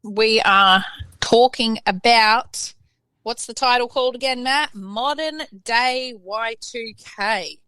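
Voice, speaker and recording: Woman, bright sharp voice, casual podcast co-host, sweary. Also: fairly high pitch, takes it slowly, clean tone, no echo, rough recording. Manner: offhand and sweary.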